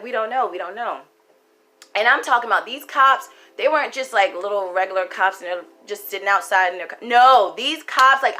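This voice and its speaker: Sassy, animated woman telling a story. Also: fairly high pitch. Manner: animated, sassy, talks to the viewer directly. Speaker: storyteller and spiritual reader. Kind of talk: casual storytime monologue. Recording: faint background music.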